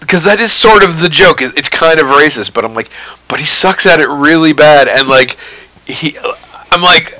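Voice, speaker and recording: A man co-hosting a podcast, telling a story in an animated way and laughing often. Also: on the high side, normal speed, no echo, poor audio. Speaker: podcast co-host. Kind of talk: casual chat.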